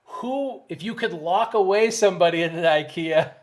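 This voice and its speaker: A man's voice: high voice, moderate pace. A young man co-hosting a casual chat, playful and teasing, laughing often. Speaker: co-host.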